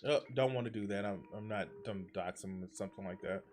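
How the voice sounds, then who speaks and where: A man's voice: fairly low pitch, fairly quick, soft background music. A man streaming live, reacting to a speech with profane, exasperated and sarcastic commentary that often trails off and restarts mid-sentence.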